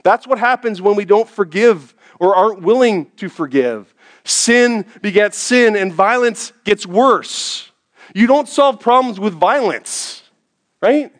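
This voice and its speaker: Middle-aged pastor, sermon delivery, storytelling, slightly raised pitch. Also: male voice, lively intonation, slow pace. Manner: storytelling, drops to a hushed low voice for quoted thoughts.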